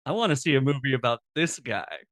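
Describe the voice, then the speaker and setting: A man's voice: medium pitch, lively intonation, fast, a bit bright, no room sound. A man co-hosting a podcast, chatting casually with playful reactions and jokes. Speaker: podcast co-host. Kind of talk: casual chat.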